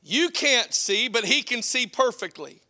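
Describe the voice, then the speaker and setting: A man preaching a sermon, impassioned, swinging from shouts to hushed, drawn-out phrases. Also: very high-pitched, lively intonation. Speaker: pastor.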